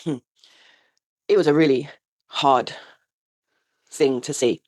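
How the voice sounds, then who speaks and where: A woman's voice: low voice, takes it slowly, a little mellow. A woman in her forties, host of her own show, telling a raw, sweary confession and laughing through the pain. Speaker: podcast host. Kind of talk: candid confessional monologue.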